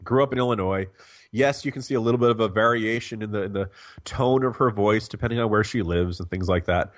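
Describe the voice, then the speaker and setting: A man's voice: on the low side, quick pace, no echo. Man, political commentator, from new jersey, sarcastic, mocking, dry close sound. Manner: sarcastic, mocking, repeats words. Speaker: guest commentator. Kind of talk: casual political chat.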